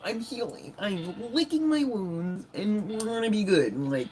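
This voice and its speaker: A woman's voice: medium pitch, expressive, unhurried, a little mellow, a little hiss or hum, low-quality recording. A woman giving a casual live-stream tarot reading. She is chatty and blunt, swears often, and laughs as she talks straight to her viewers. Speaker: tarot reader.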